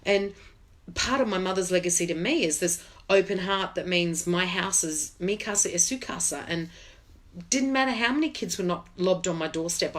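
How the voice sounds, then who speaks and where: A middle-aged woman hosting a live video, talking in a chatty, heartfelt, exclamatory way. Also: on the low side. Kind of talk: casual live-stream chat.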